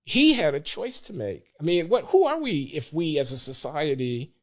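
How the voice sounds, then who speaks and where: An older man as a podcast guest, speaking earnestly and in measured terms. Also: a little high, very animated. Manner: earnest, measured, grows emotional. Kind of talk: casual podcast interview.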